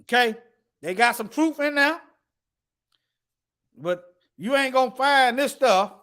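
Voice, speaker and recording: A man's voice: extremely high pitch, lively intonation, takes it slowly, fairly bright tone. A man teaching the Bible in an emphatic preaching style, reading scripture aloud and addressing his listeners directly. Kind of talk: preaching to an online audience.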